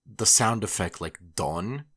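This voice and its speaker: A laid-back man chatting on a podcast, with a very low voice that still swings widely up and down as he gets excited. His speech is slangy, with a lot of "dude" and "like.". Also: a little slow, husky. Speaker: podcast co-host. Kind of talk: casual chat.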